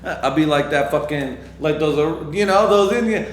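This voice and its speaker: A man hosting a podcast, rambling through a casual, profane solo monologue that swings from loud excitement to low muttering. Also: normal speed, roomy sound, a little hiss or hum. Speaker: podcast host.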